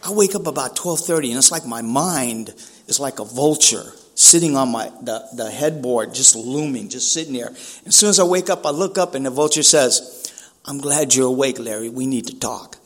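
A man's voice: medium pitch, normal speed. A man from San Francisco giving a personal recovery talk, speaking casually with street slang, often saying "man" and acting out dialogue.

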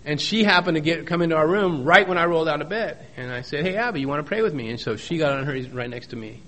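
A middle-aged man shares his recovery story with a meeting, in a folksy, joking way. He leans on repeated phrases for emphasis, and his voice sits a little high for a man. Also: fast, fairly bright tone. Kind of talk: personal testimony talk.

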